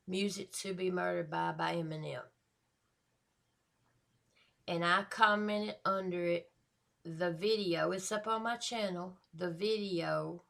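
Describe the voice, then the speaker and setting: A woman's voice: on the low side, vocal fry, fairly bright tone. A woman hosting a reaction video, chatting casually and stretching out the words she wants to stress.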